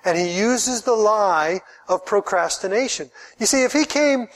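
A man's voice: sits high, animated, unhurried. A man, a pastor, preaching a sermon in an earnest way, often repeating words as he builds his point.

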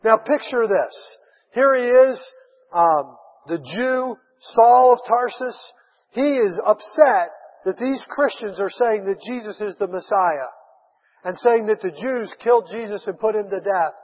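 A man preaching a sermon, retelling a Bible story with lively acted-out voices. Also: high-pitched, unhurried. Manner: animated storytelling, acts out voices of Bible figures. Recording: dull sound with long hall reverb.

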